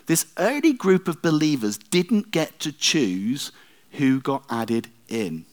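A man's voice: a little high, very animated, a little slow. A middle-aged male pastor preaching a sermon in a conversational way, with self-deprecating asides.

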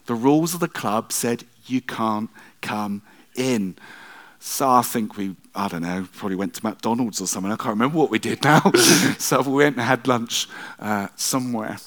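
A man's voice: medium pitch, expressive, a little fast, fairly bright tone. A middle-aged male pastor preaching a sermon in a conversational way, with self-deprecating asides.

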